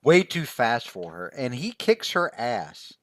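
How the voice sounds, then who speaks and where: A man's voice: mid-range voice, sing-song, measured pace, slight background noise. A man recapping a comic fight in casual chat, rambling and joking with many fillers. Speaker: podcast co-host.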